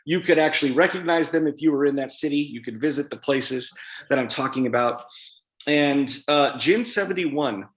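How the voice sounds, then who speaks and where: A man's voice: on the high side, normal speed, fairly bright tone. A man, an author guest at a live event interview, talking in a chatty, rambling way with many fillers and restarts. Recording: roomy hall sound.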